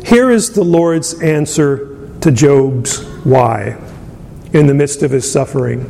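A man preaching a conversational sermon, chuckling often and filling pauses with ums and uhs. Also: vocal fry, mellow. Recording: long hall reverb, faint rumble.

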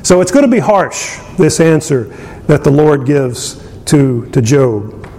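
A man preaching a conversational sermon, chuckling often and filling pauses with ums and uhs. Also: animated, warm tone. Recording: long hall reverb, faint rumble.

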